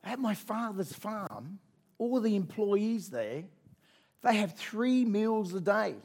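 A man's voice: high voice, expressive, slow pace, vocal fry, darkish tone, voice pushed up, heavily acted. A man voicing a remorseful, pleading young son in a retold story. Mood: regretful.

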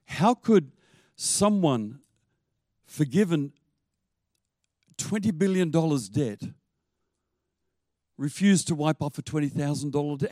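A man preaching a sermon as pastor. He tells stories in an animated way and laughs now and then. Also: a little high, takes it slowly, long pauses, no echo.

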